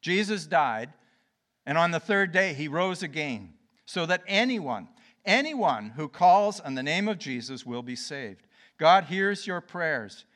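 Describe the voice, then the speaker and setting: Preacher swinging from loud to whispered. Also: male voice, a little high, lively intonation, a little slow. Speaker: pastor. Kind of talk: sermon.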